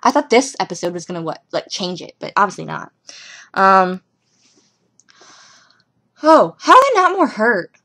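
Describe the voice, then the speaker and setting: A young woman casually reviewing a TV episode at home, rambling and giggling through animated asides. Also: medium pitch, moderate pace, long pauses.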